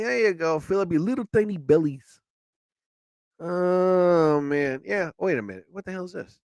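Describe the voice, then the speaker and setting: Lively chatty man, dry close sound. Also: sits high, normal speed, no room sound. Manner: animated storyteller, acts out quotes. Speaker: live show host. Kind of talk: rambling solo chat.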